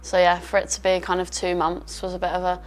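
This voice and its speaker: A woman's voice: on the low side, monotone, fairly quick. A woman footballer talking casually and reflectively in an interview, with fillers like "like" and "um". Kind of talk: interview about returning from injury.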